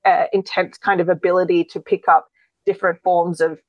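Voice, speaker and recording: A woman's voice: fairly low pitch, flat delivery, brisk, no room sound, muffled recording. A woman, a guest expert earnestly explaining in a conversational interview, often restarting her sentences.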